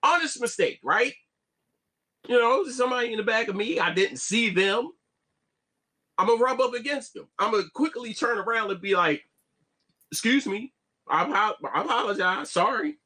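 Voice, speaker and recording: Guy w ranting on a live stream, higher voice, super animated swings, keeps restarting. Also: normal speed, pauses often. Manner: animated, repeats "you see what I'm saying", stammers on restarts. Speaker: vlogger. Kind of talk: casual live-stream monologue.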